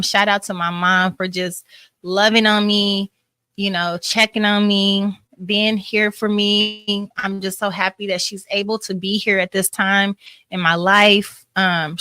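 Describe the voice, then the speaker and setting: Candid, bright-voiced woman hosting a talk show. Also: medium pitch, dry recording. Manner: candid, emotional, animated. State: tired, grieving. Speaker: host.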